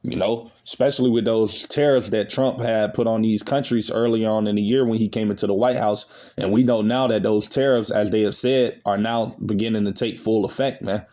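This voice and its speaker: A man with a somewhat low voice delivers an accusatory online sermon. He lectures his audience, breaks in with scripture readings, and keeps tagging his lines with "man" and "you see.". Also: fairly even intonation, normal speed, hardly any pauses, warm tone. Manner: repeats "man" and "you see" at phrase ends; lecturing, accusatory tone toward listeners. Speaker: online preacher.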